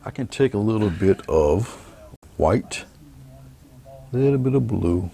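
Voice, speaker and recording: A man giving a painting demonstration, talking through each brushstroke in a relaxed, murmured way. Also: on the low side, a little slow, gravelly. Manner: relaxed, murmured step-by-step commentary while painting. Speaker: painting instructor.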